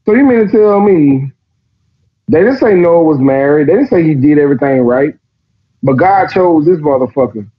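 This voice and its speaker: A man's voice: a little high, slightly rough. A man, podcast host, reading scripture aloud and mocking it in a casual, profane way. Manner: profane, mocking, reads passages aloud then riffs. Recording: dull lo-fi recording.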